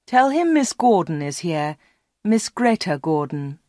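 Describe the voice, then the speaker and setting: A woman's voice: on the low side, very animated, unhurried, dry recording, studio quality. Woman doing a nervous glamorous film star. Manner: quiet, hesitant and pleading.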